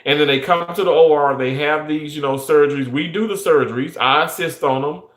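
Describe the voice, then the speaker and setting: A man's voice: fairly high pitch, fairly quick, a bit bright. A young adult man who works in surgery, talking earnestly and emphatically with many restarts. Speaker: surgical technologist. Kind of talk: casual monologue. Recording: echoey room.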